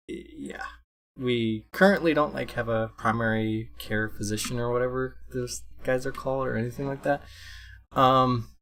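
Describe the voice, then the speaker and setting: A man's voice: medium pitch, a bit bright. Rambling, apologetic young man. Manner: rambling, apologetic, with many restarts. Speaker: vlogger. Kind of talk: casual unscripted talk to camera. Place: room at home. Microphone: computer microphone.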